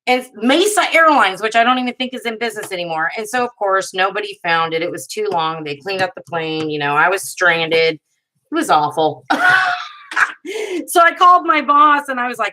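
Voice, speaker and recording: A woman in her thirties with a bright, forward voice, chatting casually on a live crafting stream. She rambles through stories as she works and laughs easily. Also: mid-range voice, lively intonation, moderate pace, low-quality recording. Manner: chatty, rambling storyteller who laughs often. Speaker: paper craft video host.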